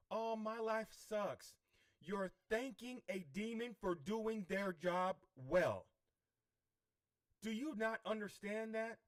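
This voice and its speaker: A man coaching on spiritual healing in a livestream, preachy and repeatedly checking in with "okay?". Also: high-pitched. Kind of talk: livestream teaching.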